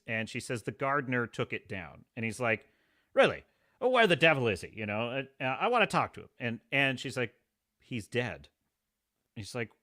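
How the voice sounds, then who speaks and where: A man hosting a live review, casually retelling episodes and acting out the characters' lines. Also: medium pitch. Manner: animated storytelling, acts out characters' lines. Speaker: host.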